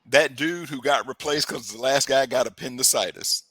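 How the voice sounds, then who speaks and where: A man co-hosting a casual movie-review podcast, talking animatedly and slipping into quick character voices. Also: medium pitch, bright, forceful tone, husky, no room sound. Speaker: podcast co-host.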